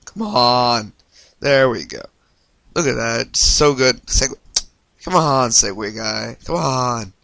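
A man hosting a let's-play video, reacting excitably and swearing when things go wrong. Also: mid-range voice, takes it slowly, vocal fry, no echo. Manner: excitable, yelps and swears at mishaps. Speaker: gaming video host.

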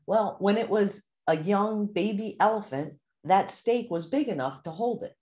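An animated woman coach teaches her course group in a mid-pitched voice. She talks it through plainly and acts out the inner voices people hear in everyday moments. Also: moderate pace. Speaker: mindset coach for golfers.

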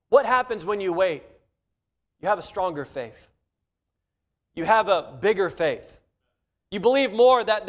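Male pastor, higher-pitched voice, earnest sermon delivery with emphatic quotes. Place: church sanctuary.

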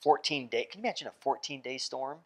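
A man preaching in a church at an average pitch. He talks in a loose, conversational way, throws questions out to the congregation and laughs easily. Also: animated, quick pace, a little mellow. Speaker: pastor. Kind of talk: interactive sermon. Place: church sanctuary.

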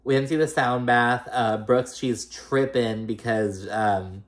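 A man's voice: medium pitch, slow pace. A man casually recapping a reality show episode, rambling with lots of fillers like "like" and "girl". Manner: chatty, filler-heavy retelling, full of 'like' and 'girl'.

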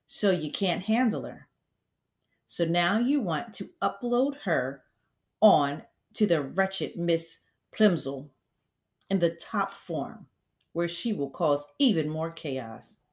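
A woman voicing a huge, furious headmistress who barks and booms her scorn, read aloud from a storybook. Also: expressive, slow. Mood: scornful, bellowing. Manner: loud barking, booming delivery.

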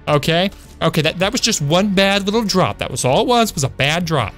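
A man's voice: a little high, animated, a little fast, few pauses, fairly bright tone, dry recording, faint music behind. A young man casually commentating his game for a live stream at home, chatty, calling his viewers "boys" and answering chat. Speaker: gaming streamer. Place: home room.

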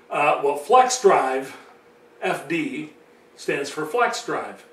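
A man's voice: fairly high pitch, very animated, very slow. Chatty man rambling in a roomy room. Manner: rambling, chatty, with many fillers. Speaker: vlogger telling his own story. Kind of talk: casual storytelling monologue. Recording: roomy sound from a distant mic.

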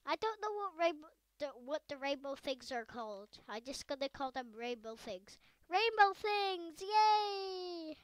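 A woman giving casual gameplay commentary on her own video, chatty and excitable, rambling with fillers. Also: sits high, normal speed, few pauses, no room sound. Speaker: gaming video creator.

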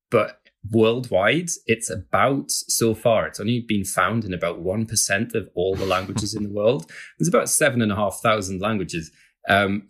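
A man's voice: fairly low pitch, fairly bright tone. A man, a guest author, chatting casually and explaining things with frequent hedges and laughs. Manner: chatty, hedging with "kind of", laughs often.

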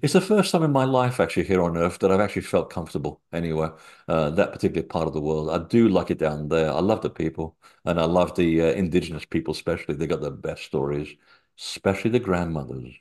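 A man's voice: low-pitched, animated, fast, a little mellow. A man being interviewed, telling rambling, anecdotal stories with many fillers. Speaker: interview guest, author. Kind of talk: casual chat.

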